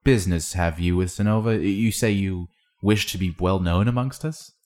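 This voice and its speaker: A man's voice: low voice, normal speed, darkish tone, natural voice. A man voicing a wary male guard speaking over a ship's comms, curt and guarded.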